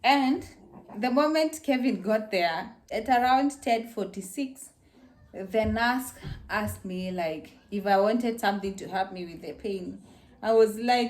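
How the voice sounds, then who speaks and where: Speaking at a measured pace in a medium pitch, a young woman relaxedly shares her birth story with viewers. She performs it with energy, recreating her screams and quoting other people's voices.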